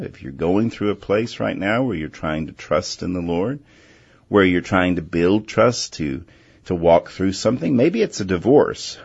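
A man hosting a Christian call-in radio show, talking earnestly and gently and often restarting his words. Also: low-pitched, creaky, slightly rough, muffled recording. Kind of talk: faith-based call-in radio talk.

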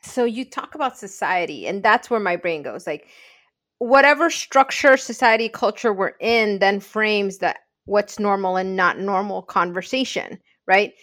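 A woman's voice: mid-range voice, a little slow, a bit bright. A woman in a casual conversation, thinking aloud in a reflective, agreeable way.

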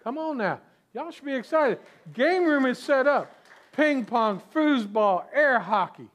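A man's voice: very high-pitched, animated, unhurried, fairly bright tone, muffled recording. A man preaching a sermon as pastor, conversational, with restarts and asides to the congregation.

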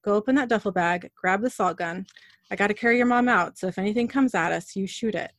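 A woman's voice: mid-range voice, quick pace, no echo, lightly acted. A woman reading as a tough male demon hunter. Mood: urgent. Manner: urgent, commanding.

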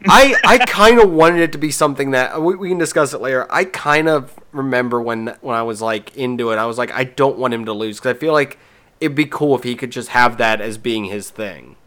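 A man's voice: mid-range voice, fairly quick, fairly bright tone. Rambling man hosting a casual chat. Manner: rambling, with many restarts and fillers. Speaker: podcast host.

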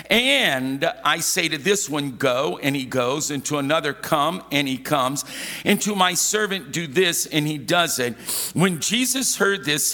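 A man's voice: fairly high pitch, bright, forceful tone, long reverb tail. A male pastor preaching a sermon, emphatic and repetitive, often asking the congregation to respond. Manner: emphatic, repeats key phrases, asks congregation to respond.

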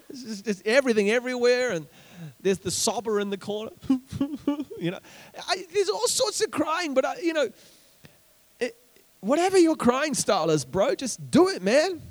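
A man with a New Zealand accent preaching a sermon as pastor, repeating words as he builds and calling out to the congregation. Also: very high voice.

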